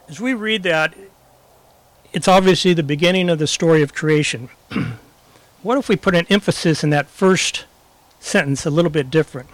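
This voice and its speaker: A man's voice: fairly high pitch, animated, a little slow, no room sound. A man giving a sermon outdoors at an anniversary gathering, telling stories with a bit of humor before reading and preaching on a passage. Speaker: guest preacher. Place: outdoors in a backyard.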